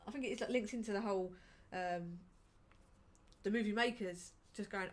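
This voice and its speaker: A woman's voice: medium pitch, normal speed. Sarcastic woman, casual film chat. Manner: sarcastic, hesitant, lots of agreeing murmurs. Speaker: co-host reviewing a film.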